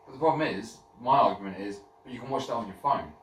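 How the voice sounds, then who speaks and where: A man's voice: mid-range voice, fast. A young English man on a podcast, complaining indignantly in casual chat. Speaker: podcast co-host. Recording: echoey room, mic at a distance, faint noise.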